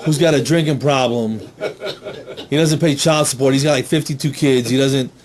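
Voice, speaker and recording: A middle-aged man telling a stand-up comedy story, animated, slipping in silly character voices. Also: medium pitch, normal speed.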